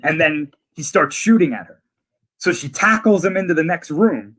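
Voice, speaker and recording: A man's voice: on the high side, animated, moderate pace, fairly bright tone, husky. A man in casual conversation, eagerly retelling scenes from a series in detail. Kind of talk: casual chat.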